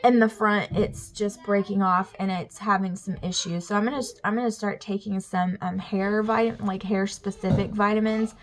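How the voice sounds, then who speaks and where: A young woman with a Southern Alabama accent, a family vlogger, chats casually to her camera at home near her kids in the bath. She rambles with lots of fillers, saying "y'all" and "like" a lot, in a mid-range, steady voice at normal speed with hardly any pauses and slight background noise.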